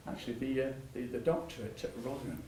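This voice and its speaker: An older man speaking at a public talk, where he is a patient, tells rambling anecdotes full of restarts and laughter. His medium-pitched voice is quick and warm, echoing through a reverberant hall and caught by a distant mic with faint ambient noise behind.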